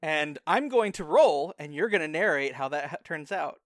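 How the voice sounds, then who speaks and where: Animated man game master, lively pitch. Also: moderate pace, no room sound, clean studio sound. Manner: animated, laughs often, thinks aloud with restarts. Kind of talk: narrating a tabletop game.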